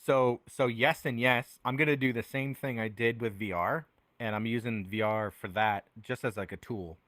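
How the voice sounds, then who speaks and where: A young man, a musician and podcast guest, chatting casually and telling animated stories, voicing other people in quotes. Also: moderate pace, no echo. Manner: animated storyteller, acts out quotes with big pitch jumps. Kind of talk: casual chat. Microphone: headphones on.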